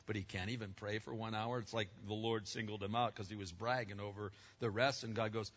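A man in his seventies preaching a sermon, emphatic and swinging from loud declarations to hushed words. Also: on the low side, fairly even intonation, fairly quick, hardly any pauses. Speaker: pastor. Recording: dull, lo-fi recording with long hall reverb.

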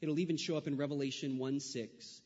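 A man from California preaching a sermon, mixing animated storytelling asides with slow, emphatic preaching. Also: medium pitch, in a large hall, dull audio. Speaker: pastor.

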